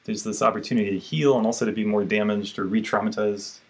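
A man's voice: lowish voice, fairly even intonation, fast talker, a little mellow. A man hosting a podcast, speaking reflectively and affirming his guest often. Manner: affirming, reflective, frequent fillers. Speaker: podcast host. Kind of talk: conversational interview.

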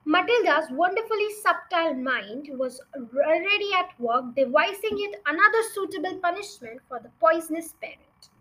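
A woman's voice: very high voice, animated, normal speed, hardly any pauses, sharp tone, low-quality recording. A young woman reading a children's novel aloud as a storyteller, with chatty asides to her listeners.

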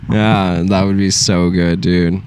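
A man's voice: low voice, little pitch movement, slow pace, darkish tone, clean tone. A man co-hosting a podcast in loose casual chat, swearing and laughing often. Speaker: podcast co-host.

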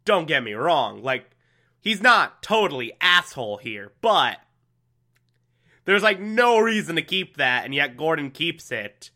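A young man casually recapping a TV episode, animated and laughing often, acting out the characters' lines. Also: on the high side, unhurried. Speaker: TV episode reviewer. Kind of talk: casual recap with acted-out quotes.

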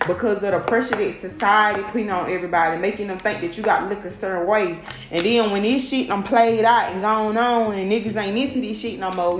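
Blunt, profane woman ranting in an echoey room. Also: medium pitch. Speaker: vlogger. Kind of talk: casual monologue rant. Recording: roomy echo with faint music.

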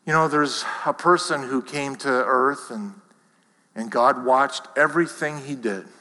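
Guy preaching, chatty sermon full of questions, sharp bright voice, big echoey hall. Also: medium pitch, measured pace. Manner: conversational, self-deprecating, rhetorical questions. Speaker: pastor. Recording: reverberant hall.

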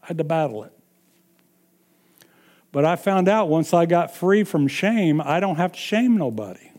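A man's voice: fairly high pitch, lively intonation, moderate pace, long pauses, a little mellow. A man preaching a sermon, emphatic and repeating his points with frequent chuckles.

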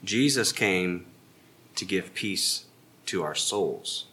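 A man's voice: low voice, lively intonation, slow, bright, forceful tone. A man teaching an evening Bible class, explaining earnestly and emphatically with rhetorical questions.

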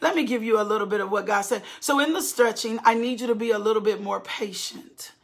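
A woman preaching a sermon with fervent, repeating cadences, calling on her listeners to answer back. Her voice is slightly high and husky, with a touch of in her speech. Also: fast talker. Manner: fervent, repetitive preaching cadence with call-and-response.

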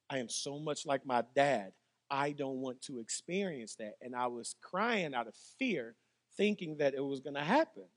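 A man, a pastor preaching and telling jokey personal stories with animated delivery. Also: on the high side. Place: church hall. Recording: long hall reverb.

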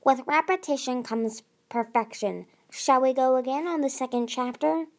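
A woman's voice: high-pitched, moderate pace, a little mellow, voice pushed up. A woman reading aloud as a pompous male dragon tutor with an oily, officious manner. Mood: smug. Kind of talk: audiobook reading.

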